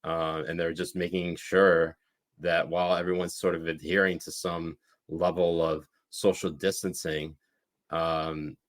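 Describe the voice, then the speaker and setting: A man's voice: sits low, flat delivery, unhurried. A young man co-hosting an irreverent political podcast, chatting casually and reading out headlines with a joking edge. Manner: jokey, reads headlines with mock dramatic voices, laughs a lot. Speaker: podcast co-host.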